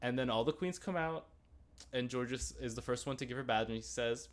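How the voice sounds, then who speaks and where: A man co-hosting a relaxed review chat, voice sitting at an ordinary middle pitch. He rambles cheerfully, restarting sentences and tossing in asides. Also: brisk. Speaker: podcast co-host. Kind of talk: casual chat reviewing a TV episode.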